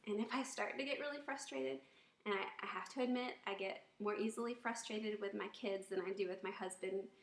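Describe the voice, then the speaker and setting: A woman's voice: mid-range voice, fairly bright tone. Woman talking marriage tips, acts out how to say stuff, roomy echo. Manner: demonstrates tones by acting out examples. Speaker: marriage advice speaker. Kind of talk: instructional talk to wives.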